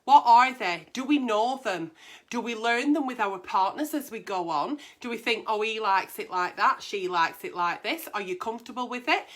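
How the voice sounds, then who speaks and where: A woman's voice: fairly high pitch, lively intonation, normal speed. A woman, hosting a casual advice chat in a blunt, brash and sweary way. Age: 40s. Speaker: agony aunt host.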